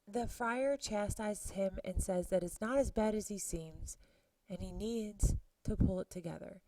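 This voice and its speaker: Woman teacher going over a play, chatty and lively, dark mellow voice, dry close sound. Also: mid-range voice, a little slow, no echo, rough recording. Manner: animated and chatty, paraphrasing lines in modern words. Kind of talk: lesson recap with paraphrased quotes.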